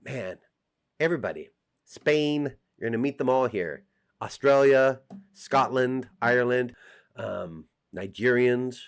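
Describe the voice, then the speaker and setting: A man's voice: mid-range voice, a little slow, clear, resonant tone. Chatty middle-aged American man vlogging. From United States. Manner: chatty, joking, direct address to viewers. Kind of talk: casual talk to camera.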